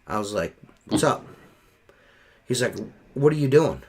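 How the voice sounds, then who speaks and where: A man's voice: medium pitch, sing-song, a little slow, husky. A middle-aged man who cleans windows, telling a heated, profane story in casual chat on a podcast.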